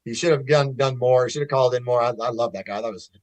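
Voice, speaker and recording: A man's voice: medium pitch, fast, dry recording, rough recording. A man in casual podcast conversation, talking candidly with restarts and swearing. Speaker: podcast guest. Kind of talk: casual chat.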